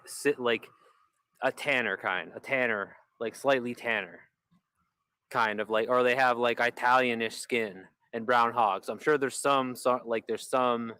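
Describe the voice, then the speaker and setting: A man's voice: medium pitch, a little slow, bright, forceful tone, clear, resonant tone, no room sound, studio quality. A man live-streaming in rambling casual chat, full of "like" fillers and restarts. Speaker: livestreamer.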